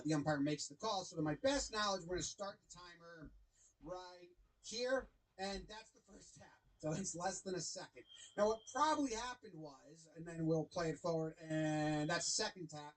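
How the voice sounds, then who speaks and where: Husky-voiced man giving casual commentary. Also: sits high, fairly bright tone, poor audio. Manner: chatty, wry, conversational. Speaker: sports video commentator.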